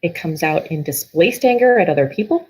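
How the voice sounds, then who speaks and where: A woman's voice: fairly low pitch, lively intonation, fairly quick, a little mellow, breathy edge, poor audio. A middle-aged woman guest telling a personal story in an earnest, emotional way, often restarting her sentences.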